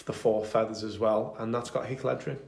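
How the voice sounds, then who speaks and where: A man's voice: lowish voice, fairly even intonation, a little fast, creaky, a little mellow, roomy sound. Chatty man telling history. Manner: enthusiastic storytelling with many fillers. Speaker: podcast co-host. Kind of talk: casual history chat.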